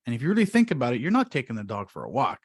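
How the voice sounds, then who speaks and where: A man in a casual chat, joking in a slow, deadpan way. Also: mid-range voice, husky.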